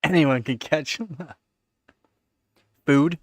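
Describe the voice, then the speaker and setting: A man's voice: very slow, no echo. Man cooing at his pet, very dry sound. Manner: coos at his pet in a high sing-song voice between relaxed answers to chat. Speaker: livestream host. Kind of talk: casual live-stream chat. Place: home computer setup.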